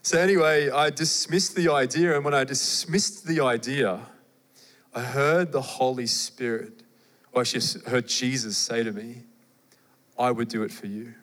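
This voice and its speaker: Australian preacher in a reverberant hall. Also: male voice, medium pitch, normal speed. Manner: conversational and animated, with asides to the audience. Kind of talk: sermon.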